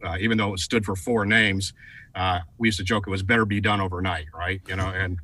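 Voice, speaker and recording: A middle-aged man telling a story in a TV interview, animated and full of fillers and repeated words. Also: sits low, a little fast, rough recording. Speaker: guest, advertising executive.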